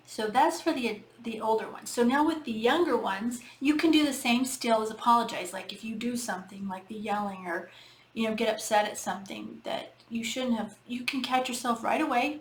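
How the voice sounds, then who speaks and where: A woman's voice: on the high side, moderate pace. A middle-aged woman, a healing coach, giving casual spoken advice in an earnest, repetitive way, talking straight to her listeners. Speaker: healing coach and podcast host. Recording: echoey room with faint background noise.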